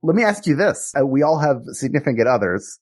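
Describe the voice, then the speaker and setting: A man co-hosting a podcast, telling rambling, excitable stories in casual chat. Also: medium pitch, brisk. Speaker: podcast co-host.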